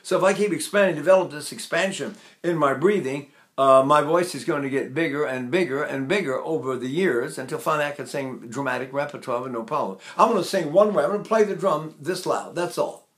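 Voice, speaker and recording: A man's voice: on the high side, brisk, hardly any pauses. Eighty-something man teaching breath technique. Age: 80s. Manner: chatty, demonstrative, holds breath while talking.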